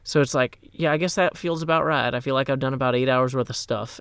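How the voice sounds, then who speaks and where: A man's voice: mid-range voice, fairly even intonation, a bit bright, smooth, no room sound. A man from Nashville, Tennessee, hosting a casual live game stream, playful with rhyming asides, tired after a long day. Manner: playful, rhyming asides and quick number-talk.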